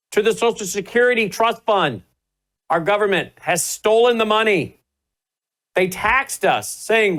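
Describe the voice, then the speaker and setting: Emphatic high-voiced male talk host. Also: a bit bright, poor audio. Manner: emphatic, talks to viewers as folks. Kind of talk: talk show monologue.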